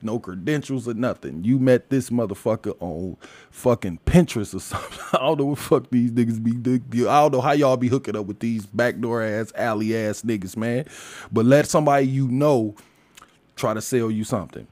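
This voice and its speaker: Speaking at normal speed in a mid-range voice with no echo, a male commentator goes on a casual, profane rant into a dry close mic. Loud and crude, he laughs a lot.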